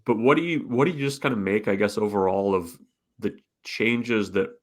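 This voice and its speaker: A man's voice: fairly low pitch, moderate pace. A man co-hosting a sports podcast, asking long, winding questions and often repeating his words as he talks. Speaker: podcast co-host. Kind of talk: casual sports podcast chat.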